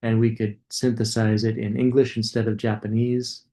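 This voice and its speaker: A man's voice: fairly low pitch, little pitch movement, moderate pace, dark tone. A man giving a coding lecture, casually thinking aloud and demonstrating code as he goes.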